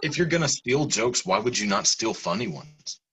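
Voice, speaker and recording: A podcast host in a casual chat, talking in an animated way with lots of fillers. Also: mid-range voice, normal speed, poor audio. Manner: animated, agreeable, filler-heavy.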